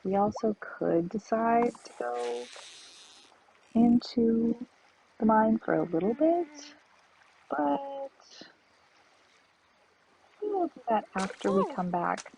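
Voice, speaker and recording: A woman's voice: fairly high pitch, animated, slow pace, vocal fry, pauses often, warm tone, a little hiss or hum. A woman streaming a farming game, chatting and thinking aloud to her viewers. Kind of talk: casual let's-play chat. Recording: dull lo-fi stream audio.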